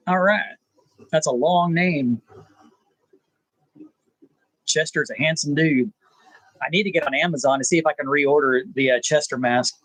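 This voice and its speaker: A man, hosting a rambling live chat with viewers, pausing often with "uh". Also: fairly high pitch, fairly bright tone, no room sound, poor audio. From South Texas. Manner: laid-back, rambling, frequent "uh" pauses. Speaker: channel host.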